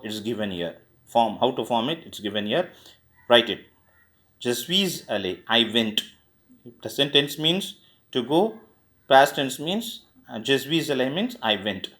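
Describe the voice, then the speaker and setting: A man's voice: medium pitch, fairly bright tone. A man teaching a French grammar lesson in English, patiently asking questions and answering them himself, spelling words out letter by letter.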